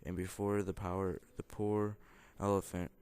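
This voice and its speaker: A man's voice: deep voice, little pitch movement, moderate pace, a little mellow, clear, resonant tone. A young man reading a children's picture book aloud, in a plain, mostly unvoiced way with small stumbles and self-corrections. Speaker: student reader.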